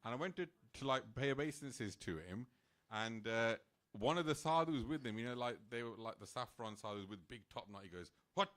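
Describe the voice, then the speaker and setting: A man, speaking at a temple program and telling a personal story in an animated, casual way, full of "like" fillers and little laughs. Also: mid-range voice, fairly quick.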